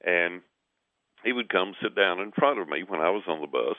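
Deep-voiced man telling stories over a phone line. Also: normal speed, no room sound. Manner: animated storyteller, acts out quoted voices. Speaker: guest. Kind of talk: conversational storytelling.

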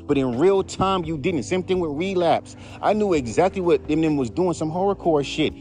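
A man's voice: on the high side, expressive, moderate pace, warm tone, soft background music. A man who raps, ranting in a casual, profane, heated way on his podcast. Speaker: podcast host, rapper. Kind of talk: casual rant.

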